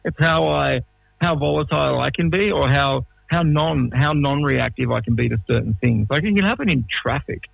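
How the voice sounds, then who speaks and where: Gravelly Australian man in his forties. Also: medium pitch, moderate pace, no room sound, lo-fi sound. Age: 40s. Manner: rambling, self-interrupting, laid-back. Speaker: musician guest. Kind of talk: casual interview chat.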